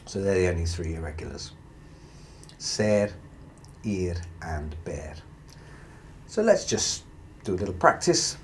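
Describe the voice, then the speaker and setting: A man teaching a grammar lesson, explaining slowly and carefully and reading out example sentences. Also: low voice, sing-song, slight background noise. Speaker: Spanish teacher.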